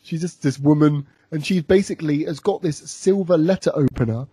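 A man on a podcast reviews an episode in loose, rambling chat, padding his talk with fillers and breaking into laughter. His voice is mellow and slightly husky, somewhat high for a man, and recorded dry and close. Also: brisk, dry recording. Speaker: podcast host.

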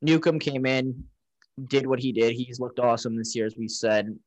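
A man's voice: medium pitch, moderate pace, a little mellow, no room sound, poor audio. A man co-hosting a casual sports talk show, recapping game stats with frequent restarts. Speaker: podcast co-host.

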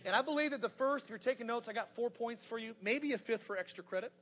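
A man in his thirties preaching a sermon as pastor, energetic and humorous, building to emphatic points. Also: extremely high pitch, fast talker. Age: 30s.

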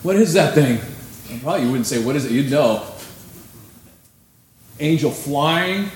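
A man's voice: mid-range voice, slight background noise. Casual preaching man in an echoey church. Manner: conversational, animated preaching with sudden emphasis. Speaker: pastor. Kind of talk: sermon. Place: church sanctuary. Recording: echoey room, faint ambience.

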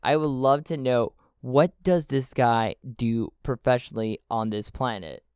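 A man's voice: mid-range voice, unhurried, darkish tone, smooth, no echo, clean studio sound. A man narrating a solo tabletop role-playing game, thinking aloud as he checks his rolls and charts. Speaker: solo game master and player.

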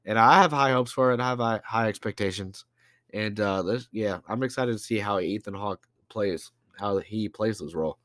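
A young man talks through his podcast in a loose, rambling way, full of fillers and slang. His voice sounds stuffy and congested, and sits a bit low. The recording is close and dry, with no room sound. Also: normal speed, fairly bright tone, dry recording. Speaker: podcast host. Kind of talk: casual solo podcast.

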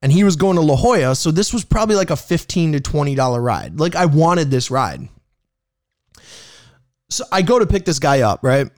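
A rideshare driver tells a casual story at normal speed, lively and animated, swearing freely and acting out every exchange. His high voice jumps around a lot, and the recording is dry and close.

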